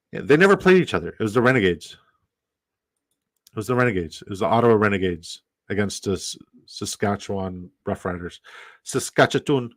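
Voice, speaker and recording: A man from Canada talking loosely on a live stream, rambling and cursing and saying things twice. His voice sits low, and the sound is dry and close with no room echo. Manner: rambling, profane, repeats himself. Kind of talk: casual live-stream chat.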